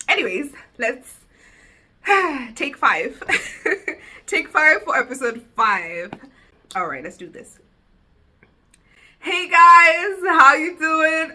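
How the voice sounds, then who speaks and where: A woman talks straight to camera from her seat at home, giggly and animated. Her bright voice swoops up and down constantly. She is picked up by the camera's own mic rather than a lapel. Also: fairly high pitch. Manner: giggly, animated, self-teasing. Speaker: vlogger. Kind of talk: casual solo vlog chat. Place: seated indoors at home.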